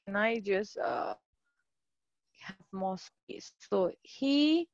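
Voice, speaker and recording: A woman's voice: medium pitch, animated, very slow, no echo, muffled recording. A woman tutoring English in a live online class, chatty and encouraging, greeting students by name.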